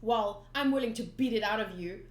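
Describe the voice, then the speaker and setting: A woman's voice: a little high, moderate pace, close to an everyday voice. A woman reading a brash young pirate boy. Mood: impatient. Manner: blunt, impatient, excited outbursts. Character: brash rubber-limbed young male pirate. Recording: roomy echo.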